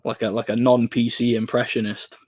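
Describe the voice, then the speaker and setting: A man's voice: mid-range voice, level tone, normal speed, a little mellow, no echo, studio quality. A tired man with an English Midlands accent hosts a livestream, reading chat and chatting casually in a rambling way, laughing often and repeating his words.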